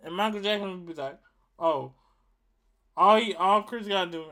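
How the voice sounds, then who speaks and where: A man's voice: high voice, normal speed, pauses often, sharp tone. A man giving a casual rant to his viewers, emphatic and profane, repeating himself for effect. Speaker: vlogger.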